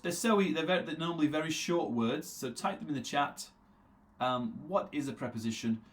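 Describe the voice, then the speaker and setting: A man teaching a live interactive English lesson. He repeats words slowly to drill their pronunciation and answers viewers' chat comments by name. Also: fairly high pitch, a little hiss or hum. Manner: reads viewer names aloud from the chat and answers them.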